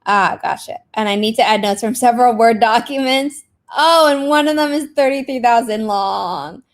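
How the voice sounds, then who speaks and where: A young woman hosts a casual writing sprint livestream, speaking at normal speed in a fairly high voice. She chats away and greets viewers, using lots of fillers.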